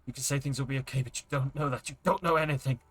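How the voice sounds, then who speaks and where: A man's voice: medium pitch, fairly even intonation, very fast, fairly bright tone, slightly rough, no room sound. A man reading the lines of an anxious young witch searching for a lost raven. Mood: bitter. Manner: anxious, pleading, brittle.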